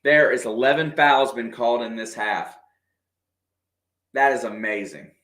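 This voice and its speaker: A man doing casual, partisan play-by-play of a basketball game for a livestream, excitable and quick to react to the officials. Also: mid-range voice. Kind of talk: fan play-by-play commentary. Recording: echoey room.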